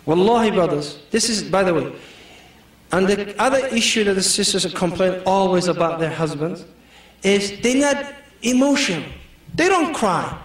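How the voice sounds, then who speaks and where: A high-voiced man preaching a lighthearted sermon, full of jokes and small stories, laughing as he talks. The sound is roomy and echoey, picked up from some distance away. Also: lively intonation, moderate pace. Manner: joking, anecdotal, laughs often. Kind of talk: humorous sermon.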